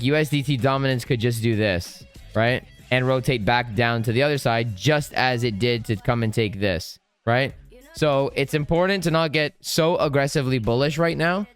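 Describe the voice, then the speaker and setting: A man's voice: medium pitch, clean tone. Blunt, emphatic man over faint music. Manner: emphatic, blunt, keeps asking "right?". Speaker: trading channel host. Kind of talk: casual market commentary over charts.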